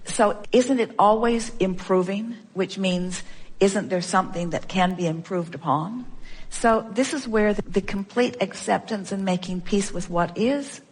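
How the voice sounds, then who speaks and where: A woman's voice: medium pitch, unhurried, slightly rough. A woman giving an inspirational talk to a workshop audience. She speaks as "we", strings together rhetorical questions and repeats key phrases for emphasis.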